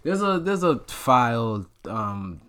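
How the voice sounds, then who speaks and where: A man's voice: medium pitch, sing-song, takes it slowly, fairly bright tone, smooth. A young man from New York, a music producer, talking slangy and laid-back in a casual podcast chat.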